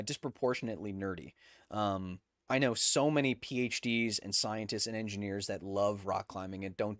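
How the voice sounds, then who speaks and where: A man's voice: fairly low pitch, no room sound, studio quality. Man casually rambling on a livestream. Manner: rambling, frequent fillers and restarts. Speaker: host.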